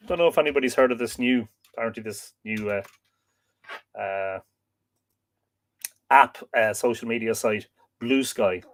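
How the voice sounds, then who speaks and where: An Irish man hosting a live stream, reading out viewer comments and chatting in a relaxed, rambling way with lots of fillers. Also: medium pitch. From Ireland. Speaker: host.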